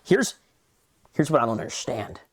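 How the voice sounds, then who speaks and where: A man's voice: medium pitch, very animated, normal speed, slightly rough, dry recording. A man co-hosting a casual podcast, ranting animatedly and swearing freely. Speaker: podcast co-host.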